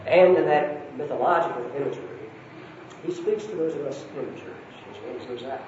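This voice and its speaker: A man speaks in an unhurried way as he lectures and reads from a story. His voice sits at a middling pitch. The recording is dull and far from the mic, in a big echoey hall with a faint hiss. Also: a little mellow. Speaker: speaker at a Christian campus talk. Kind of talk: lecture with a read-aloud story.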